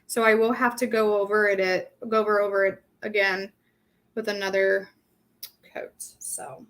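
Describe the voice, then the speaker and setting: A woman's voice: mid-range voice, level tone, normal speed, a bit bright. A young woman from Southern California hosting a casual live painting tutorial, chatting and thinking aloud with many ums, her throat dry. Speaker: craft workshop host.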